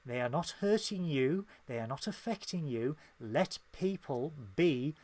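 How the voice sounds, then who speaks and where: A man's voice: on the high side, expressive, unhurried, darkish tone. A man with a Northern English accent, co-hosting a casual podcast and speaking in an impassioned, emphatic way. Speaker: podcast co-host.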